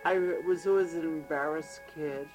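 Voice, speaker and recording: A woman's voice: deep voice, normal speed, low-quality recording. A woman guest on a radio show, chatting casually and telling stories with a laugh. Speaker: studio guest. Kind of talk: casual chat. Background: loud music playing.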